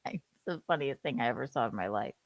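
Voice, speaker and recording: A woman's voice: very deep voice, animated, fast, no room sound. A woman hosting a casual livestream, talking sarcastically with swearing and laughing asides. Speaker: livestream host. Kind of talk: casual commentary chat.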